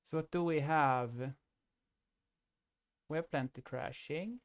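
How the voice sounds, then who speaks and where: A man's voice: on the high side, slow pace, dry recording, highs cut off. A man giving casual commentary on an online card game, thinking aloud, restarting his sentences and laughing easily.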